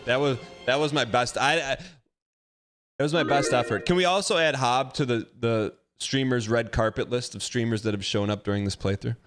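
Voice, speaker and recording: A man's voice: mid-range voice, moderate pace, a bit bright, soft background music. A man hosting a gaming livestream, chatting casually, joking and reading out chat. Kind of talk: casual chat while streaming a game.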